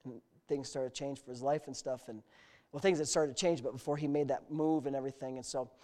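A man preaching a sermon as pastor, moving between quiet storytelling asides and loud, fervent exclamations. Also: mid-range voice, fairly even intonation, fast talker. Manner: storytelling with humor.

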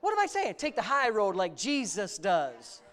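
A middle-aged man preaching a sermon, animated and sarcastic, rising to near-shouts. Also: sits high, moderate pace. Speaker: pastor.

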